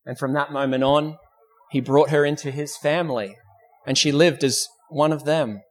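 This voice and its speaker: An Australian man preaches in a church, his voice pitched a little above the usual male range. He tells the story with drama, slips into the voices of the people in it, and keeps putting questions to his listeners. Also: fairly even intonation, normal speed. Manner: asks rhetorical questions. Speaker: pastor. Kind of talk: sermon.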